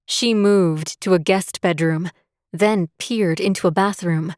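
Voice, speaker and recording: A woman narrating a romantic suspense audiobook in a steady, measured way. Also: fairly low pitch, dry recording, studio quality. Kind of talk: scripted narration.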